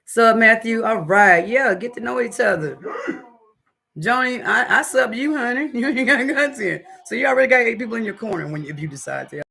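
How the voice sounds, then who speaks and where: A woman's voice: a little high, brisk, creaky, pushed and bright, rough recording. A woman with a Southern North Carolina accent hosting a casual home livestream, chatting to viewers as y'all and swearing then apologizing. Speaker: cooking channel host. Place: home, indoors.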